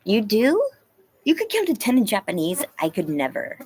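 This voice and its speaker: A woman's voice: mid-range voice, huge pitch swings, moderate pace, darkish tone, a little hiss or hum, low-quality recording. A woman hosting a casual live stream, chatting with viewers and reading the chat aloud, laughing often. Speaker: livestream host. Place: home, yard.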